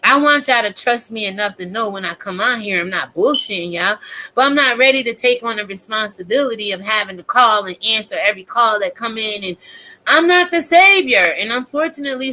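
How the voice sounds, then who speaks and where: A woman, in her thirties, delivering a blunt, profane, animated live-stream rant as a commentary host. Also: mid-range voice, fairly quick, poor audio.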